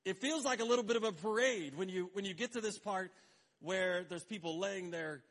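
A middle-aged male pastor delivering a sermon in a relaxed, chatty tone. His voice sits somewhat high for a man. He slips in light jokes and briefly acts out the people in his stories. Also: normal speed. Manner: conversational, joking asides, acts out quoted voices.

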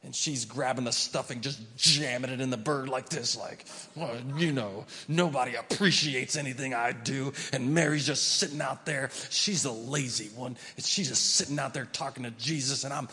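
A man's voice: medium pitch, normal speed, few pauses. Preaching man in a reverberant church. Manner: conversational, animated storytelling, asks the congregation questions. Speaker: pastor. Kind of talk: sermon. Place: church sanctuary.

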